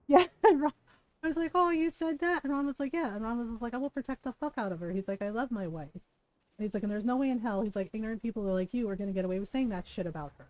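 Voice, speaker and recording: A woman streaming a video game, chatting casually and telling stories in an animated way, with plenty of swearing. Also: a little high, fast talker, dry recording, low-quality recording. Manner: animated storytelling with frequent swearing and laughter. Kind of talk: casual gameplay chat.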